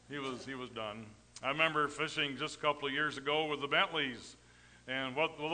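A middle-aged man preaching a storytelling sermon, folksy and rambling, with sudden swings between loud emphasis and quiet asides. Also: a little high, long reverb tail. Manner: folksy, rambling anecdotes with tag questions.

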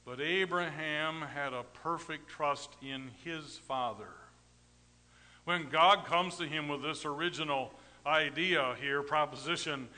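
A middle-aged man preaching a storytelling sermon, folksy and rambling, with sudden swings between loud emphasis and quiet asides. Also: on the high side, in a large hall. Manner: folksy, rambling anecdotes with tag questions.

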